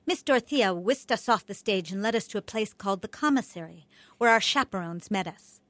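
A woman reading her childhood memoir aloud in an expressive, wry storytelling manner. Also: medium pitch, brisk, no echo. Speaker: memoir narrator.

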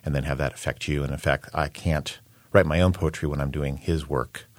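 A man who is a poet and translator, talking in an interview in a thoughtful, measured way with frequent pauses and ums. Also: a bass voice, fairly even intonation, no echo. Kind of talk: interview conversation.

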